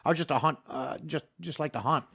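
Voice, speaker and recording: A man's voice: fairly high pitch, quick pace, gravelly, slightly rough. A man hosting a podcast, chatting casually and telling a fishing story full of swearing. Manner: profane, animated storyteller. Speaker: podcast host.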